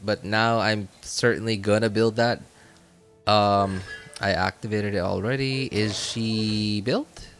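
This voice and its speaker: A man's voice: fairly low pitch, steady tone, takes it slowly, a bit bright, soft background music. A man streaming a video game, chatting casually and rambling, with frequent self-corrections and laughs. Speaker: gaming streamer. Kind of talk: casual gameplay commentary.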